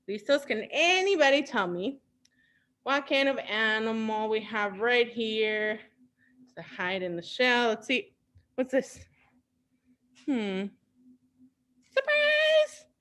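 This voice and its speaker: A woman's voice: on the high side, a bit bright. A woman hosting an online children's storytime, cheerfully singing songs and mixing in Spanish words. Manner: cheerful, sings along, mixes in Spanish words. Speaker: library storytime host.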